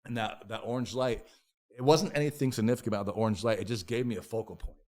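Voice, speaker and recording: A man's voice: mid-range voice, quick pace, a little mellow. A man who is a podcast guest, telling a candid personal story in a raw, profane, emotional way. He stumbles through restarts and repeated words, and voices his own past inner thoughts as quoted self-talk.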